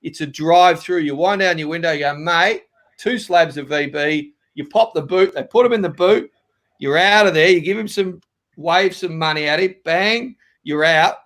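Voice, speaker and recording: A man with an Australian accent, a comedian guest on a video call, telling jokey stories with deadpan punchlines. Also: a little high, normal speed.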